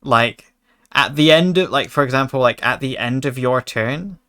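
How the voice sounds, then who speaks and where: Bright-voiced male streamer chatting to chat. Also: medium pitch, moderate pace. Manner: chatty, joking, mock-angry asides to chat. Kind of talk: casual gaming commentary.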